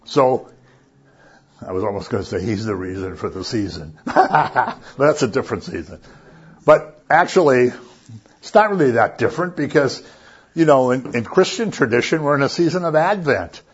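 A man's voice: medium pitch, animated, moderate pace, slightly rough, dull audio. A man giving a casual, conversational sermon and often checking in with his listeners. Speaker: preacher.

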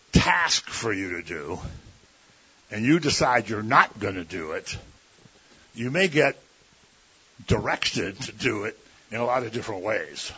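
On a dull lo-fi recording, a man with a lowish, sharp, husky voice preaches in a folksy, conversational style. He frequently slips into imitations of other voices.

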